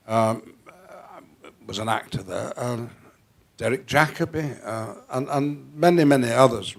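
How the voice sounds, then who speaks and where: This older male guest actor, originally from Northwest England, speaks polished Received Pronunciation with faint northern traces in a medium-pitched voice. Talking in an onstage interview before a theatre audience, he's playful and theatrical, restarting often and breaking into sudden loud bursts.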